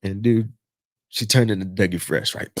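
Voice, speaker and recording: A man's voice: lowish voice, normal speed, dry recording. A middle-aged man hosting a podcast, telling a long military story in a casual, profane way and acting out the voices of the people in it. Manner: profane, animated retelling with quoted voices. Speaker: podcast host.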